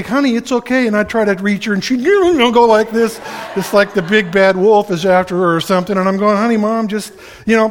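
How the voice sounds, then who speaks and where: Folksy older man preaching. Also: high-pitched. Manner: folksy, conversational storytelling. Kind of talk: sermon with personal stories.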